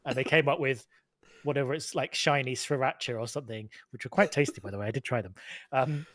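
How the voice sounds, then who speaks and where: A man's voice: mid-range voice, fairly quick, fairly bright tone, dry recording. A man chatting as a guest co-commentator on a live stream, with wry, incredulous banter. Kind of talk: casual chat.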